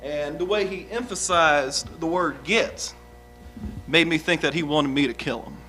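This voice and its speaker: In improvised courtroom drama, a man plays a blunt, unschooled young outlaw testifying as a witness, rambling through answers in a folksy, halting, guarded way. His voice sits high, bright, and forward, with faint music playing underneath.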